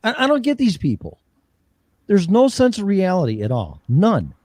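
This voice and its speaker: A man's voice: high voice, huge pitch swings, normal speed, a little mellow, no room sound. A man hosting a political talk show, ranting heatedly with profanity and mocking impressions. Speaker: show host.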